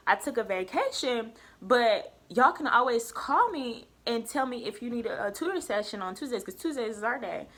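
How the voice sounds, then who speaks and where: A woman's voice: a little high, a little fast, vocal fry. A young woman vlogger, telling a personal story in casual chat and acting out quoted dialogue. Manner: emphatic, lively retelling with quoted dialogue.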